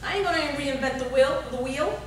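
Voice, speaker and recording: A brisk, high female voice comes through with a little hiss or hum. She is urging on a workshop crowd in a motivational talk, repeating her calls and asking the audience questions. The recording, made far from her, picks up the echo of a large hall.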